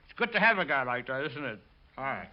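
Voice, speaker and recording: An older man sits for an interview, spinning lively stories and acting out the voices of the people in them. His pitch sits in an ordinary middle range. The recording is a little dull and lo-fi. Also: quick pace. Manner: lively storyteller acting out quotes. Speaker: film director. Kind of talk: interview recollection.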